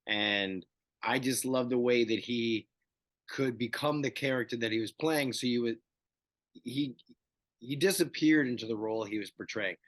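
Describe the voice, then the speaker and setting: A man's voice: mid-range voice, moderate pace, dry recording. Man in his fifties telling stories. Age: 50s. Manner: animated storyteller who acts out dialogue. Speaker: guest actor. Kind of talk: casual interview chat.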